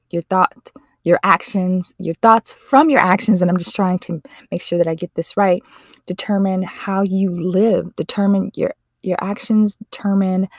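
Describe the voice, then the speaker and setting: Earnest and emotional, a woman with a fairly low voice talks through a casual podcast monologue, frequently correcting herself mid-thought. The recording is dry and studio-clean.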